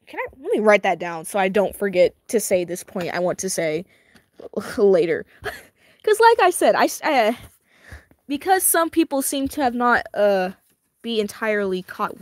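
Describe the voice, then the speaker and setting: A fairly high-voiced woman reads through a webtoon and reacts out loud, giggling and tossing slang at her viewers. Her pitch bounces all over the place, and her voice sounds a little strained and tired. The sound is dry and close, with no room echo. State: strained, tiring voice. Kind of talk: casual reaction reading.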